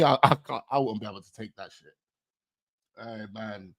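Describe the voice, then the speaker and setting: A man hosting a casual reaction show, excitable and full of street slang. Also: fairly low pitch, moderate pace, no echo, clean studio sound. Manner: excitable, heavy street slang, breaks into laughter. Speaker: host reacting to a rap video.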